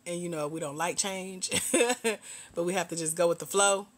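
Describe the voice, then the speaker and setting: A woman's voice: fairly low pitch, steady tone, normal speed. A middle-aged woman from Georgia, hosting a casual livestream chat with viewers. She laughs often and calls her viewers "girl" and "y'all.". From Georgia, US South. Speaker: host.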